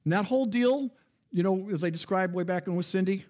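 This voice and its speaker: A middle-aged male pastor preaching a sermon in a conversational, storytelling way, his voice jumping up and dropping low. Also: fairly quick, darkish tone. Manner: conversational, personal storytelling with sudden rises and drops in pitch and volume.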